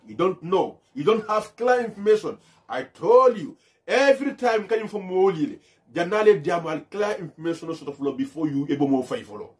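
A young man ranting in a monologue. He swings from loud shouts down to hushed muttering and switches languages as he goes. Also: sits high, very animated, brisk. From Gambia. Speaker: online commentator.

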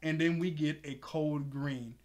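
A man with a slightly higher voice recaps a cartoon episode in loose, casual chat. He is excitable and chatty, piles on filler words and breaks into laughs often. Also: unhurried.

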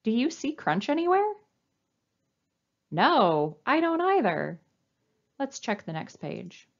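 Lively sing-song woman reading to children. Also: a little high, slow, highs cut off. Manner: animated, sing-song, coaxing. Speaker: children's librarian. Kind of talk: storytime read-aloud.

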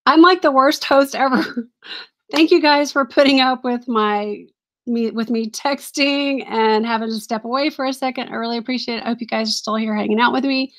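A slightly high-voiced woman chats casually through a live stream, showing her finds and reading viewer comments aloud. She laughs often and keeps apologizing and thanking her viewers in a friendly, rambling way. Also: fairly even intonation, normal speed. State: briefly out of breath. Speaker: reseller vlogger hosting a live stream.

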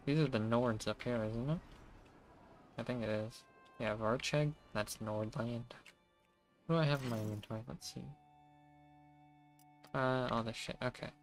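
A male streamer muttering casual, profane commentary as he plays, wry and talking mostly to himself. His voice sits at an ordinary middle pitch. Faint game music runs underneath. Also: normal speed, long pauses.

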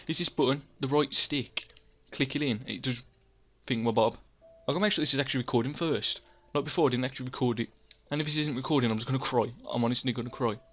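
A young man rambles through casual gameplay commentary, poking fun at himself and scolding himself by name. His voice sits at an ordinary middle pitch, with faint music under it. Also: fairly bright tone. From England. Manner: rambling, self-mocking, talks to himself in third person. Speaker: gaming channel host.

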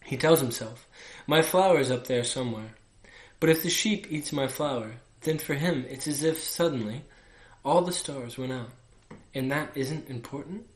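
A man voicing an earnest, gentle little boy prince in a storybook, speaking in a pleading way. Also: medium pitch, moderate pace, close to an everyday voice. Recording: echoey room.

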